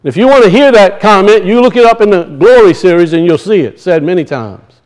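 A man's voice: sits high, animated, brisk, darkish tone, low-quality recording. A middle-aged man preaching a sermon, firing rhetorical questions at his congregation. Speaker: pastor.

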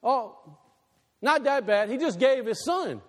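A male pastor preaching a sermon, animated, swinging between loud bursts and quiet, low asides. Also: a little slow. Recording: long reverb in a large hall.

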